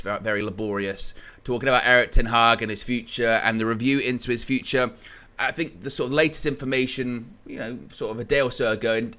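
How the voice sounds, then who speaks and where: Reading out viewer comments on his live-stream football fan channel, an Englishman chats and rambles. His voice is medium-pitched and sharp in tone.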